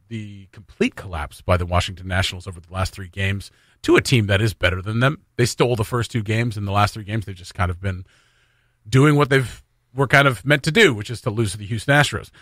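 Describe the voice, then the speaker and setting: A man's voice: medium pitch, brisk, pushed and bright, no room sound, studio quality. A man co-hosting a casual morning radio show, joking and laughing often as he chats.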